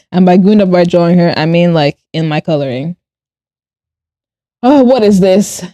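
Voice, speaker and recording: A woman with a mellow, fairly low voice chats casually on a livestream, reading chat aloud while she draws. A streamer and artist from Nigeria and Ireland, she's animated, laughs easily, and swears bluntly. The studio-quality recording has no room sound.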